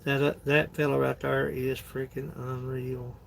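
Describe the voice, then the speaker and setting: A man's voice: medium pitch, level tone, measured pace, vocal fry, a little hiss or hum. A man, chatting casually on a phone livestream in a rambling, folksy way, laughing often. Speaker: livestream host.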